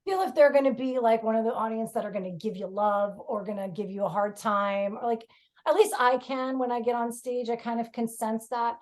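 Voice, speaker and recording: A woman's voice: fairly high pitch, fairly even intonation, fairly quick, a little mellow. A woman comedian with a New York accent, chatting frankly on a podcast with lots of fillers and laughter. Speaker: comedian guest. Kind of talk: casual podcast chat.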